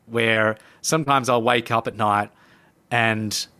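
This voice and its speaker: A man, a podcast guest, telling a personal story in animated conversation and acting out his own past lines. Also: mid-range voice, slow, clean tone. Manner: lively narrator who acts out his own past lines. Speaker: podcast guest, coach and speaker.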